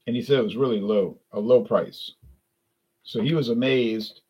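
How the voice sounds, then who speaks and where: A man's voice: medium pitch, normal speed, a little mellow, slightly rough, rough recording. A man from South Louisiana with a South Louisiana accent, rambling through a casual live-stream chat about drinks with lots of restarts and self-corrections.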